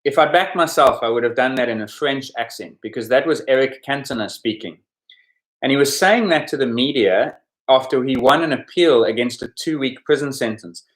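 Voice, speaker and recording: A man hosts a sports quiz podcast at a mid-range pitch. He goes over the answers in a relaxed, explanatory way and adds chatty asides. He talks like a quizmaster at a podcast microphone. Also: normal speed. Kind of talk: casual quiz commentary.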